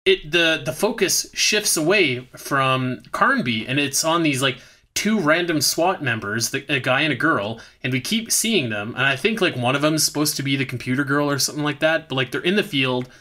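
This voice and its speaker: A man's voice: on the high side, expressive, normal speed, pushed and bright. A man co-hosting a podcast, recapping a bad movie in rambling, profane, sarcastic casual chat.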